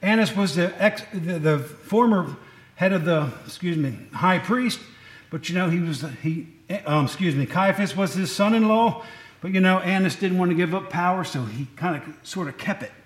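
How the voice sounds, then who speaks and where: A man's voice: sits high, moderate pace, roomy sound. A man preaching a conversational sermon, folksy and digressive, often correcting himself mid-sentence, in a church.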